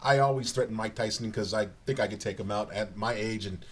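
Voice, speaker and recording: A man telling rambling, animated comic stories on stage as a guest, stumbling over his words and laughing as he goes. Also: lowish voice, brisk. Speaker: guest comedian. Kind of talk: live comedic storytelling.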